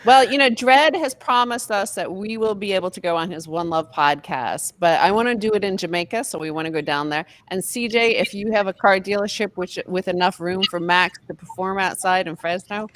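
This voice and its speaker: A woman co-hosting a casual group chat over a call, excited and swearing freely. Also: mid-range voice, brisk, few pauses, no room sound. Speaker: podcast co-host.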